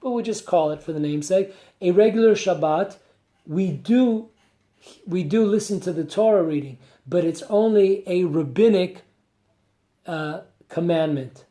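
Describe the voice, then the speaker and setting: A man's voice: sits high, unhurried, warm tone. A man, a rabbi, giving a conversational Torah class with rhetorical questions and asides. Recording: echoey room.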